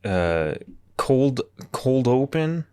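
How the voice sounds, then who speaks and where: Laid-back chuckling podcast co-host. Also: male voice, mid-range voice, sing-song, very slow, darkish tone, smooth, no room sound, clean studio sound. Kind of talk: casual movie review chat.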